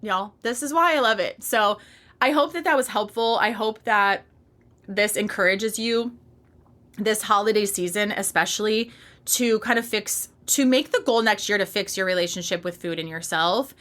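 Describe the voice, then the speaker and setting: A woman in her thirties speaks straight to her listeners in a solo podcast monologue. Her voice is bright and forward, and her delivery is emphatic, candid and fired up. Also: mid-range voice, normal speed. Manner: passionate, emphatic, candid with casual swearing. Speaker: podcast host and fitness coach.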